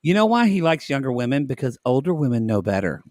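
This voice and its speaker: A man co-hosting a podcast, recapping a reality show in casual chat, agreeable and quick with interjections. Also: medium pitch, very animated, darkish tone, no echo, clean studio sound. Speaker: podcast co-host.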